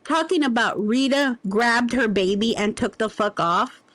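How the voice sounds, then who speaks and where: A woman's voice: fairly high pitch, a bit bright, dry recording. A woman hosting a livestream, ranting in a heated, profane, confrontational way. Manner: profane, confrontational, drawn-out insults. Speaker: livestream host.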